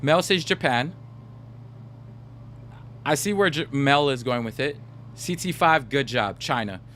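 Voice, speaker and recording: A man's voice: mid-range voice, animated, measured pace, a bit bright, a little hiss or hum. A young man chatting casually with his stream viewers, telling stories and talking straight to the chat. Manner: chatty, storytelling, talks to chat. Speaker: gaming livestreamer.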